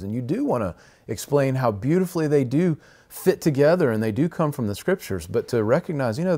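A man talks on a podcast in a mid-range voice. He rambles casually, restarting his sentences as he goes. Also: mid-range voice. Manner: rambling, with frequent restarts and soft laughs. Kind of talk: casual conversational podcast talk.

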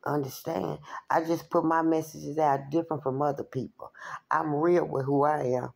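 A woman's voice: deep voice, vocal fry, a little mellow. A woman who does spiritual readings, talking straight to her viewers in a blunt, profane, emphatic rant. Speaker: spiritual reader. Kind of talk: direct-to-camera rant.

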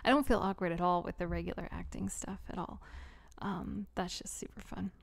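A young adult woman hosting a casual live Q&A, giggly and rambling, often dropping into soft whispery asides. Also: lowish voice, fairly even intonation, brisk, creaky. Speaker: audio creator hosting a live Q&A. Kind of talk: casual livestream chat.

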